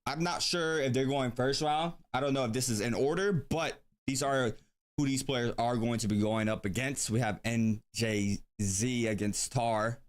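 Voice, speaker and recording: A man hosting a tournament live stream, talking casually and thinking aloud with frequent pauses and ums. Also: mid-range voice. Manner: laid-back, thinks aloud with many ums.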